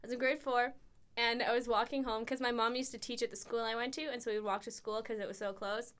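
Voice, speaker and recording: A young woman with a high, bright-pitched voice co-hosts a casual podcast. She giggles through her jokes and jumps eagerly into stories. Her talk is loose and playful. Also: little pitch movement, smooth. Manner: giggly, jokey, quick to tell stories. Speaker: podcast co-host.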